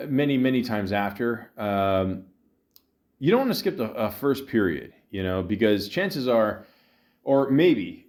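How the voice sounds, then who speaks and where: A tired man hosting a podcast, telling a long rambling story with lots of fillers, restarts and deadpan asides. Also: medium pitch. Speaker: podcast host. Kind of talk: rambling comedic monologue.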